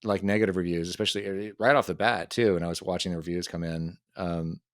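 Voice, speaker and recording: A man's voice: sits low, steady tone, fast, fairly bright tone, dry recording, studio quality. A man co-hosting a casual podcast chat, easygoing, laughing often and chiming in with short replies. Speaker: podcast co-host.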